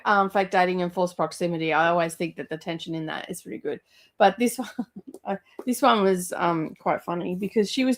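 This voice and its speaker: This book vlogger, a woman, talks about books in a loose, rambling way packed with fillers. Her voice sits on the low side and has vocal fry.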